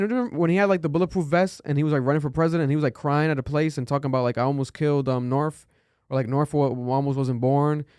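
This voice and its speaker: A man talks loosely on a podcast, heavy with fillers and the odd curse. His voice sounds smooth and clear, picked up dry and close on a studio mic. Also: medium pitch, darkish tone, no room sound. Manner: loose and chatty, curses often, many fillers. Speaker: podcast host. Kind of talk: casual podcast chat.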